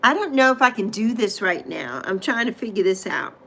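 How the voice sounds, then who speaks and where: A woman's voice: a little high, very animated, a little fast, vocal fry, fairly bright tone, a little hiss or hum. A middle-aged woman hosting a casual livestream, greeting viewers by name and repeating phrases with gushing affection. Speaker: livestream host.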